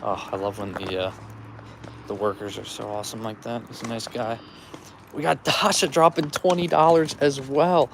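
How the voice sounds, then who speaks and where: A man live-streaming while driving for delivery apps, chatting casually and excitedly shouting catchphrases out the car window. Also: a little high, moderate pace, a little hiss or hum.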